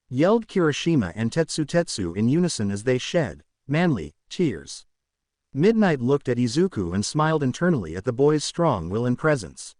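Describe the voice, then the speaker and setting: A young man reading and narrating fan fiction in a plain, steady way with occasional slips. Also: mid-range voice, moderate pace, no echo, studio quality. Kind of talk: story narration.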